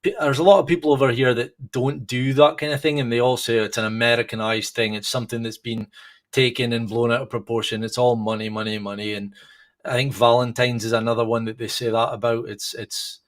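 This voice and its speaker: A man's voice: medium pitch, flat delivery, fairly quick. A man in his thirties co-hosting a podcast, chatting casually and rambling with many restarts. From United Kingdom. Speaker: podcast co-host. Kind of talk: casual chat.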